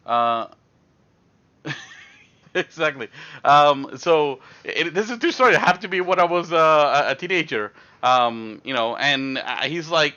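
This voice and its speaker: A man's voice: a little high, moderate pace. Rambling man telling a story, lo-fi mic. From Canada. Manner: rambling, animated, heavy fillers. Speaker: streamer. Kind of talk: casual storytelling. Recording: dull lo-fi stream mic.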